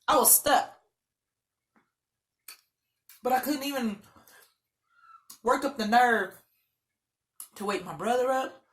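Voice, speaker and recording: Loud dramatic lady vlogger doing storytime, highish voice. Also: unhurried. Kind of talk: casual storytelling.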